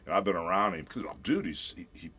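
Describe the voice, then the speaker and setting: A man with a very low, booming voice tells a story in a casual radio interview. He acts out everyone's lines and keeps calling people brother. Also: quick pace, slightly rough. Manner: animated storyteller who acts out quotes, calls people brother. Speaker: celebrity guest.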